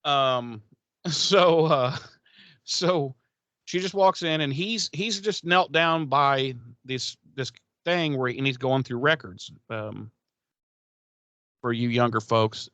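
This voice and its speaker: On a podcast, a male co-host rambles through a casual recap of a TV episode, swearing and acting out the characters' lines. His voice is medium-pitched and a bit bright, and he speaks slowly. The recording is dry.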